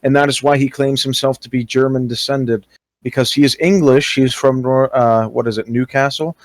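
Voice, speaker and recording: A man's voice: medium pitch, fairly even intonation, normal speed, no echo. A young man speaking casually as an interviewee, hesitant, with many fillers and restarts. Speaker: interviewee recounting experiences. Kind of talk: casual voice-call talk.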